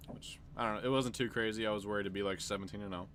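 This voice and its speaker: A man's voice: on the low side, racing, background noise. Young man hosting football podcast chat. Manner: excitable, loud bursts and laughs. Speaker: podcast host. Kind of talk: casual sports chat.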